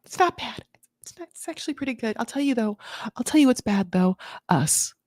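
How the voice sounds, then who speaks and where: A woman voicing a weepy, dramatic young wife at a breakup, talking in a breathy, giggly voice at a raised pitch. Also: lively intonation, brisk, darkish tone, no room sound, clean studio sound. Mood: blunt.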